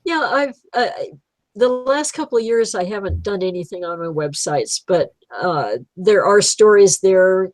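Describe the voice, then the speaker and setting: A woman in her eighties tells stories in a loose, rambling way and breaks into laughter often. Her voice sits at an ordinary pitch and sounds dry and close, with no room around it. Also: lively intonation, a little slow, dry recording, rough recording. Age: 80s. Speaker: guest, writer of pet stories. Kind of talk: casual chat.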